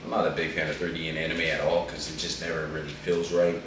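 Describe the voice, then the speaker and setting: A man with a low voice chats in an animated, slangy ramble. He sits away from the mic in a very echoey room. A faint hum runs under him. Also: fast talker, far from the mic. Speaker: co-host reviewing an anime movie. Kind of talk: casual chat.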